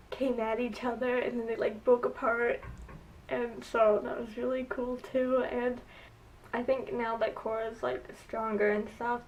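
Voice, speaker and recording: A woman's voice: on the high side, recorded from a distance, highs cut off. A young woman chatting casually in a review vlog, gushing and filling her talk with "like" and "oh my gosh". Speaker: vlogger reviewing a TV show. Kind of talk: casual chat.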